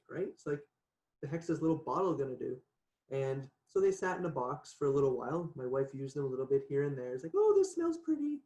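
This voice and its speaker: Male guest, mid pitch, animated casual storyteller, echoey video call audio. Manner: chatty, animated, laughs often, says "right?" a lot. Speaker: podcast guest. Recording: echoey room.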